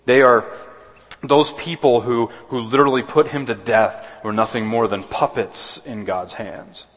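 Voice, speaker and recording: A man's voice: medium pitch, steady tone, measured pace. A man preaching a sermon as pastor, earnest, often restarting and repeating words. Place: church sanctuary. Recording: long hall reverb.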